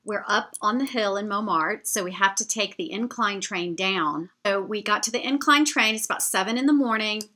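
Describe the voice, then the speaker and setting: A woman telling a travel story to her viewers in a chatty, animated way. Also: mid-range voice, moderate pace, hardly any pauses. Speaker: vlogger. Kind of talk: storytelling travel anecdote to camera.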